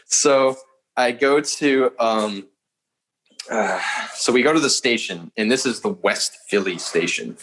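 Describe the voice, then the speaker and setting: Young guy on a podcast, rambly storytelling, lots of likes and swearing, normal pitch. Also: a bit bright, slight background noise, rough recording. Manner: swears freely, fast rambling with many fillers. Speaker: podcast guest. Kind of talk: casual storytelling.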